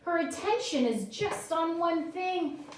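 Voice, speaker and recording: A woman leads a children's yoga class in a high, unhurried voice, cheering the kids on as she reads a story. She is recorded from a distance in a very echoey studio. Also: expressive, a little hiss or hum. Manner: bright encouraging instructions to children. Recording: echoey room, from far off.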